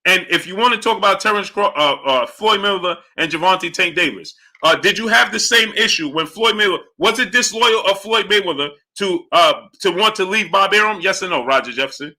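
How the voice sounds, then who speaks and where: A man's voice: animated, a little fast, hardly any pauses. A man hosting a live boxing chat stream who reads super chats, argues with viewers and keeps demanding yes-or-no answers. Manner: argumentative, repeatedly demanding answers; greets chatters in a low, quiet aside. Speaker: boxing talk show host.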